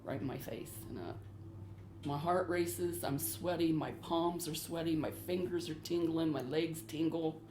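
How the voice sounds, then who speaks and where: On a paranormal show, a middle-aged homeowner describes the hauntings in her house, earnest and anxious and often repeating herself. Her voice is low, with fairly even intonation and an unhurried pace. The room is echoey, with faint noise in the background.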